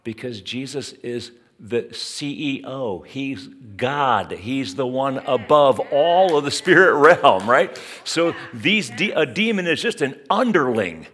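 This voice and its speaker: Brief: a conversational male preacher, expressive and lively, mid pitch, talking straight to the congregation. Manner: animated, conversational preaching with asides to listeners. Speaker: pastor. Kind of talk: sermon.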